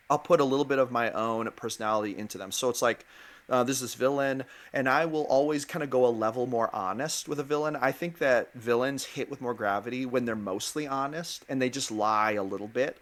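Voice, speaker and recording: A man's voice: mid-range voice, fairly bright tone. A man with a mid-range voice answers interview questions about running games. He talks in a thoughtful, loose way, often circling back and restarting his sentences. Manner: thoughtful, rambling, with many fillers and restarts. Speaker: guest game master.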